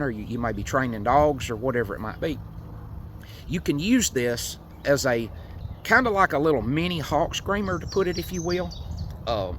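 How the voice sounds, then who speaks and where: A man from Tennessee gives a folksy, unhurried demonstration of hunting calls, with frequent fillers. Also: medium pitch, fairly bright tone, slight background noise. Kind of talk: outdoor how-to demonstration.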